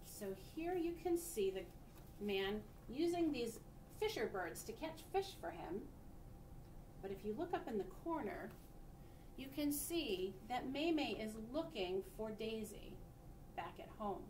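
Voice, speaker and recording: A woman reads a picture book aloud to children with expression, pausing to point out the pictures. The recording has an echoey room, a distant mic and a faint rumble.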